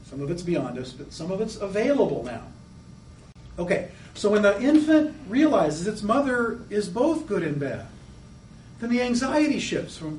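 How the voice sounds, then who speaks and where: Echo fills the room as a man, well back from the microphone, lectures on psychoanalytic theory. His voice is high and animated, and he illustrates ideas by briefly playing children's voices, all over a faint background hum.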